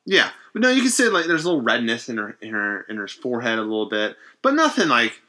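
A man in casual chat, recapping a horror episode in an animated way and acting out quotes. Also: mid-range voice, fast talker. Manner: animated, acts out quotes in varied voices, swears freely.

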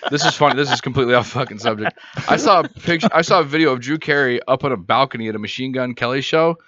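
A man talks fast and animatedly as a podcast guest, with a bright, lively voice that jumps around in pitch. The sound is dry and slightly muffled. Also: no echo. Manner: animated storyteller, swears freely. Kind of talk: casual chat.

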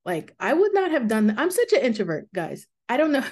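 A woman hosting her own podcast, talking candidly and reflectively in a casual way, with fillers and soft laughs. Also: medium pitch, brisk, hardly any pauses. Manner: calming voice for guided meditations. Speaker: podcast host. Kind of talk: casual personal podcast talk.

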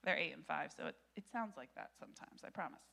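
A woman in her thirties, a pastor, giving an animated, conversational sermon with frequent laughter. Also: deep voice, fast, gravelly.

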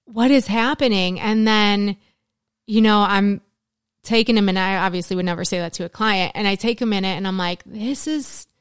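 A woman's voice: medium pitch, little pitch movement, a little fast, clean tone, no room sound, clean studio sound. A middle-aged woman in casual conversation, talking earnestly about the mothers she works with, often in long spoken lists. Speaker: guest, works with mothers in recovery.

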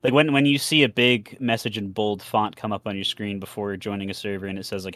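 A man's voice: lowish voice, fairly even intonation, fairly bright tone, dry recording. Man with a dry close-mic voice. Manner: agreeable, quick interjections. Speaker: podcast co-host. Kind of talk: casual panel chat.

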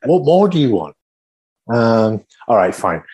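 A man's voice: mid-range voice, very animated, a little mellow, husky. A man co-hosting a podcast, rambling and joking as he guesses. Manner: rambling, jokey, quick to laugh. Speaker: podcast co-host. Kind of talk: casual comedic chat.

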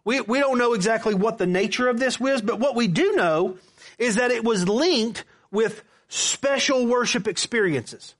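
A man's voice: extremely high pitch, normal speed, a bit bright. A man preaching a sermon, telling a personal story with quoted back-and-forth dialogue. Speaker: pastor.

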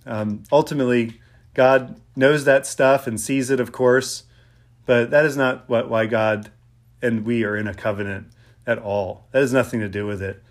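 A man from Pennsylvania delivering a casual sermon at a middle pitch. He talks loosely and conversationally, pausing often with ums and restarting sentences as he goes. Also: fairly even intonation. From Pennsylvania, USA. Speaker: preacher. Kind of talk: informal sermon.

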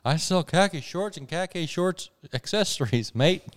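A man's voice: fairly high pitch, expressive, a little slow. A man hosting a casual comedy podcast who laughs often and riffs with his co-hosts. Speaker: podcast host.

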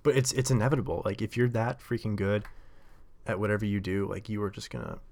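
A man with a somewhat low voice talks through a casual solo monologue. He rambles, stacks up fillers and restarts, and laughs at himself along the way. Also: steady tone, fast talker, gravelly, darkish tone. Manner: rambling, lots of likes and self-corrections, laughs often. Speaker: podcast host.

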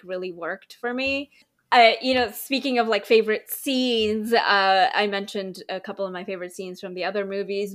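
A woman's voice: mid-range voice, a bit bright. A woman hosting a podcast, chatting enthusiastically and rambling a little, often laughing. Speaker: podcast host. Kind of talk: casual chat.

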